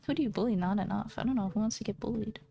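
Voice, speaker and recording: A woman's voice: mid-range voice, fast talker, vocal fry, dark tone. A woman streamer chatting casually with her viewers, playful and teasing, laughing often. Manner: giggly, playful and teasing, talks straight to viewers.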